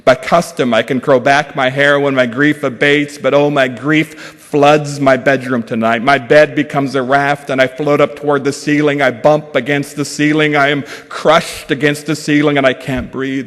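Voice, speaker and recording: A man giving a dramatic reading of his own prose as guest speaker. He talks slowly and measuredly and often sinks to a hushed voice. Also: mid-range voice, steady tone. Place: large event hall at a fundraising breakfast. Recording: long reverb of an event hall.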